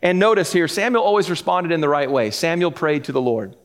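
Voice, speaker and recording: A man's voice: fairly high pitch, expressive, a little fast. A man preaching a sermon in a conversational way, explaining each verse with asides and chuckling between points. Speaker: pastor.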